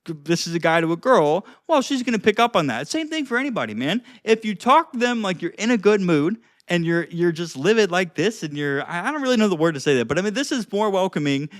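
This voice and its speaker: A man's voice: high voice, sing-song, quick pace, hardly any pauses, fairly bright tone, no room sound, clean studio sound. A young man casually talking to camera in an advice vlog, rambling with lots of "like" and restarts. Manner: rambling, frequent "like" and restarts, demonstrates tones. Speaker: social skills vlogger.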